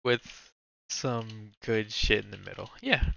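Slow and gravelly, a fairly low male voice sounds pushed and bright as he ranks movies on his stream. He talks to himself, rambling and swearing in casual commentary. The sound quality is lo-fi.

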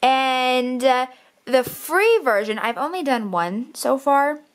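A woman's voice: sits high, lively intonation, slow pace. An eighteen-year-old woman vlogging in a casual, rambling, self-deprecating way, full of filler words. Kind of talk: casual vlog chat.

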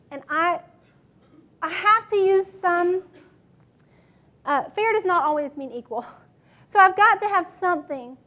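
A woman's voice: very high-pitched, fairly bright tone. A woman teacher leading a classroom management workshop, matter-of-fact and quizzing her audience with questions.

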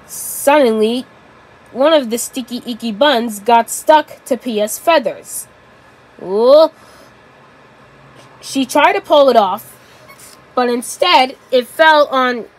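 A woman narrating a children's story aloud in a halting way. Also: fairly high pitch, rough recording. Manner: halting, with restarts.

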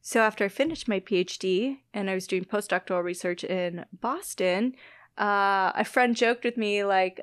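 A woman's voice: medium pitch, moderate pace, smooth, dry recording. Chatty woman with a dry close sound. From Midwest US, Illinois-Wisconsin border. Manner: chatty, laughs often, self-deprecating. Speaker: guest scientist. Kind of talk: casual conversation.

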